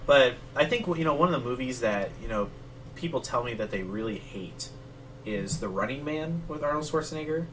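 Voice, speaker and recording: A man co-hosts a relaxed conversation, drifting through his points with plenty of fillers. He sits some distance from the microphone. A faint steady ambience hums behind him. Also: mid-range voice, normal speed, a little hiss or hum. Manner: rambling, with many fillers. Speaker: podcast co-host. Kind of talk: casual chat between matches.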